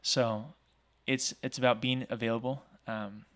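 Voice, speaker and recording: A man in his thirties, from Oregon, telling stories as a guest in a casual interview, talkative and energetic, with many fillers like "like" and "um". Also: medium pitch, a little slow. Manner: energetic, talkative, acts out quoted voices; frequent fillers like "like" and "um". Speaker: podcast guest, small business owner.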